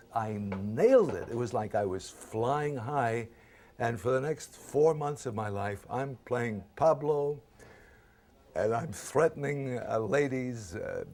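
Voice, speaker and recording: An older man from Brooklyn, an actor being interviewed, telling lively anecdotes and acting out the lines he quotes. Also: medium pitch. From Brooklyn, New York. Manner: lively storyteller who acts out quoted lines.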